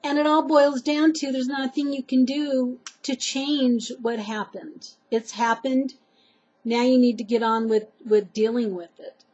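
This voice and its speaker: A woman's voice: high voice, fairly even intonation, measured pace, a little mellow, lo-fi sound. A woman earnestly sharing personal life advice with her viewers, rambling a little with fillers and restarts. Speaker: vlogger giving advice. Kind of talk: heartfelt personal advice to camera.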